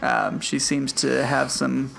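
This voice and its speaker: A mid-pitched man with a gravelly edge co-hosts a podcast, agreeing readily and chatting along. Faint music hums underneath. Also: level tone, takes it slowly, a bit bright. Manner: agreeable, chatty, many short yeahs. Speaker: podcast co-host. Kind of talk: casual chat.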